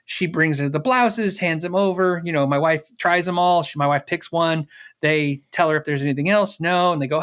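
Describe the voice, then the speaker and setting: A middle-aged man being interviewed, telling a personal story in a lively way, acting out the dialogue and laughing often. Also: on the high side, moderate pace, clear, resonant tone. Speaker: interview guest.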